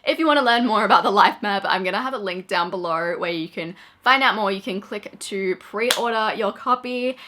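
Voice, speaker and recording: A woman vlogger talking casually to camera, excited and chatty, rambling with lots of fillers. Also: medium pitch, moderate pace, few pauses.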